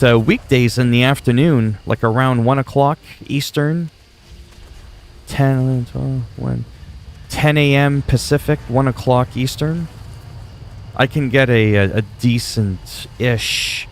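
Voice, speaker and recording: A man's voice: medium pitch, fairly even intonation, takes it slowly, a little hiss or hum. Chatty Canadian man streaming games. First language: French. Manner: rambling, chatty, talks to viewers. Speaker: game streamer. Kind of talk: casual livestream chat while gaming.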